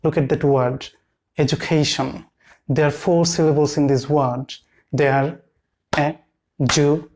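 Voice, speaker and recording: Slow man teaching pronunciation. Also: on the high side, fairly even intonation, a little mellow. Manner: slow, deliberate, repeats words for drilling. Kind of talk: pronunciation lesson.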